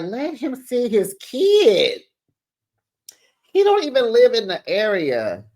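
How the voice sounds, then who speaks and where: A middle-aged man chatting through a reality TV recap in a gossipy way, talking into a screened studio microphone in his home office. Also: on the high side. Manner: chatty, gossipy, calls viewers child and besties. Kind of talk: casual recap commentary. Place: home office with sound panels, door closed. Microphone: studio microphone with pop screen.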